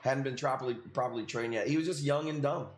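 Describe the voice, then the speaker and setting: A man's voice: mid-range voice, fast, echoey room, slight background noise. A man in his late thirties hosting a live stream, casually rambling through a story with lots of swearing and "dude.". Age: 30s. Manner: rambling, profane, says "dude" constantly. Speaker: livestream host.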